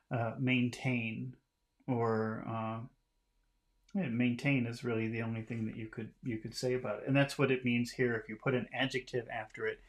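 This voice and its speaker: A man giving a casual English lesson, explaining phrases in a relaxed way and often chuckling. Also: medium pitch. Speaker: English teacher.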